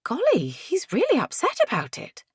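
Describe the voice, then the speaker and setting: A woman doing a plummy, brisk lady. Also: high voice, huge pitch swings, dry recording, studio quality, pitched above the performer's own voice. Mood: fussy.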